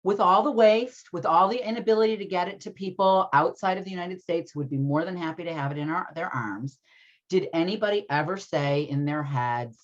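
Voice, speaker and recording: Low-voiced woman teaching over a video call. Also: a little fast. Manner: chatty, many fillers, keeps asking "right?". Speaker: teacher of an adult ethics class. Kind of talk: conversational online class lecture. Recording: dull lo-fi video call audio.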